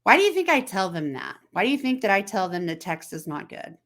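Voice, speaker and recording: A woman's voice: mid-range voice, very animated, a little fast, a bit bright. A woman hosting a casual chat to camera, talking in a conversational way, asking the viewer questions and acting out text messages in quoted voices. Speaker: host.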